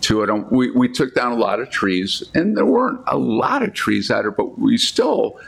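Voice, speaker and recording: A man, a golf course architect, telling lively anecdotes in casual chat, acting out the people he quotes. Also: mid-range voice, moderate pace, gravelly, husky. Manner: animated anecdotes with quoted voices, frequent restarts.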